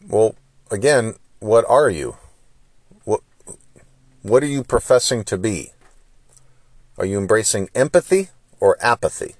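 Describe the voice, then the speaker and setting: A man with a very low voice, hosting his own podcast as a solo monologue. He lectures with frustration and fires off rhetorical questions. The sound is close and dry, with no room behind it. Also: no echo. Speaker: podcast host.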